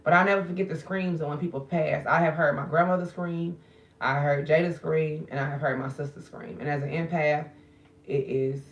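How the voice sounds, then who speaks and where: Over a muffled recording, a middle-aged woman with a low-pitched voice talks informally and directly to viewers during her live stream as a spiritual reader. Her mood is subdued and grieving.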